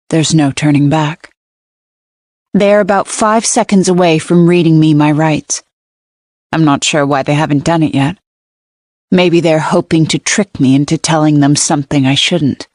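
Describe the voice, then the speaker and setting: Audiobook narrator: woman, low voice, measured and wry, dry close-miked studio read. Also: steady tone, darkish tone, no room sound. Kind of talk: scripted first-person audiobook narration. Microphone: close studio mic.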